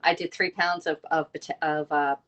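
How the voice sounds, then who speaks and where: A middle-aged woman chats quickly and warmly through a live cooking stream. Her voice sits a little low, and she rattles on, answering viewers as she cooks in her home kitchen. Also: little pitch movement, lo-fi sound. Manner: fast-talking, chatty, reads viewer comments aloud. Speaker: livestream cooking host. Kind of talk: casual live cooking chat.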